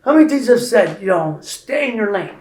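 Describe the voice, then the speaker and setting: A man in his sixties telling stories as a podcast guest, animated and building up loud and high to make his points. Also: a little fast, roomy sound, low-quality recording. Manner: animated storyteller, rising loud and high when making a point. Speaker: interview guest. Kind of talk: storytelling in a podcast interview.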